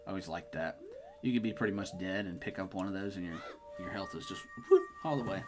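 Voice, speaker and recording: A man's voice: deep voice, fast, music in the background. A young man casually commenting on his playthrough of a game, joking around and laughing often. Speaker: gaming streamer. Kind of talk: casual let's-play commentary.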